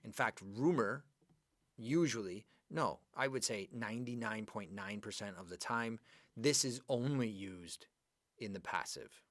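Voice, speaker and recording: Male teacher for a live online class. Fairly low voice, chatty and animated, dry close recording. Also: measured pace, dry recording. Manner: chatty, animated, talks to students by name. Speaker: English teacher. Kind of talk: live online grammar lesson.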